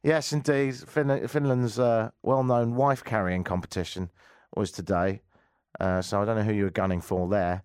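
A man's voice: lowish voice, steady tone, moderate pace, darkish tone, smooth, dry recording, studio quality. A man hosting a radio show, giving casual commentary with wry, rambling jokes and asides. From England. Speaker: radio host.

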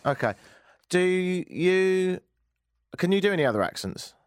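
Wry, animated radio host man. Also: high-pitched, a little slow, clear, resonant tone, no echo, studio quality. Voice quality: wry, sarcastic. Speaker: radio talk show host. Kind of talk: casual radio chat. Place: radio studio. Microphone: studio microphone.

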